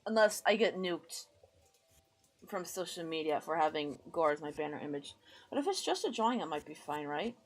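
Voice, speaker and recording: Sounding very animated at a normal speed, this low-voiced woman from the US chats loosely with her stream as she draws. She rambles, jokes at her own expense, mutters to herself and gives her chat friendly greetings.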